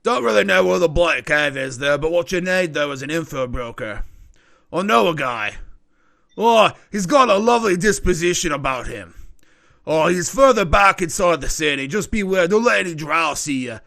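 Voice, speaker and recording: A man voicing a sly, gruff male deep gnome barkeeper who talks in rough slang. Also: expressive, normal speed, fairly bright tone. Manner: rough slangy talk with "oi" and "ain't".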